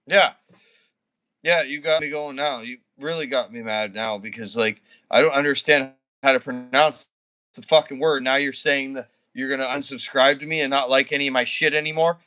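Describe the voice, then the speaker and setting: Male streamer, bright voice, swearing rant at chat. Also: mid-range voice, normal speed. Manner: swearing, ranting at a viewer; mumbling and reluctant at first. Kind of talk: live stream chat with viewers.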